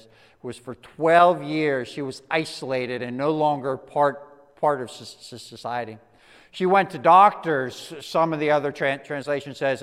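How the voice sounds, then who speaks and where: A man giving a conversational sermon as a pastor, often restarting words and dropping to a soft, slow hush for emphasis. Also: fairly high pitch, long reverb tail. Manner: conversational, with frequent restarts and stammered repeats.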